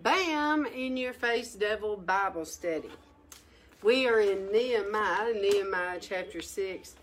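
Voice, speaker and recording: Woman, Bible teacher, emphatic, exhorting, mid-pitched voice that jumps up. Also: unhurried, over loud music.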